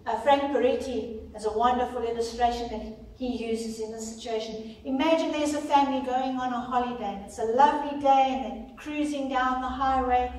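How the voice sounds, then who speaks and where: Woman Bible study leader, high voice, earnest and expressive, very echoey hall, distant mic. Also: brisk. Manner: earnest, expressive storytelling with emphatic reading. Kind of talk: teaching a ladies' Bible study. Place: large church hall.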